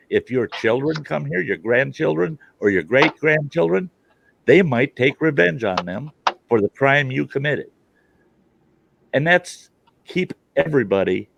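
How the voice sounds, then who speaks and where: A man's voice: mid-range voice, creaky, dry recording. A man ranting bluntly in a casual group chat, acting out dialogue as he goes. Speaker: call participant.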